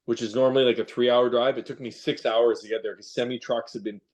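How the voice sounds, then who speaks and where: A man's voice: medium pitch, fast. Man in his forties telling road stories. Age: 40s. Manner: relaxed storytelling, swearing freely. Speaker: podcast host. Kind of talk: casual chat.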